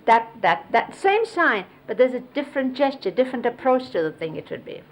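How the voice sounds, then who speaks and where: A woman recalling memories in an unhurried storytelling way, explaining and demonstrating hand gestures as she goes. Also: fairly high pitch, big pitch swings, poor audio. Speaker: close companion recounting memories of a spiritual teacher. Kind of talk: reminiscing storytelling. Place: 1970s videotaped sit-down interview.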